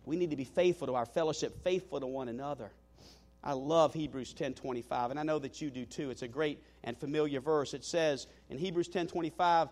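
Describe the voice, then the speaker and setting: A man preaching a sermon as a guest speaker in a church. He swings between loud emphatic calls and hushed tender asides, repeats his phrases and stumbles over restarts. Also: on the high side, fairly quick. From Southern United States. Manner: stammering restarts. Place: church meeting hall.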